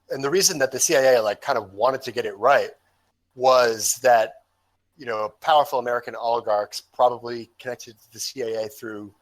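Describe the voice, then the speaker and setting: A man in a casual podcast discussion, talking hesitantly with many fillers and restarts. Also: medium pitch.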